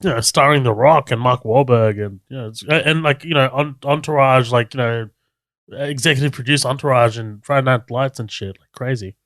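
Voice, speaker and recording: A man's voice: medium pitch, fairly quick, a bit bright, no room sound. Laid-back man chatting about movies. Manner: laid-back, says "dude" and "like" a lot. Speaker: podcast co-host. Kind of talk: casual movie-review chat.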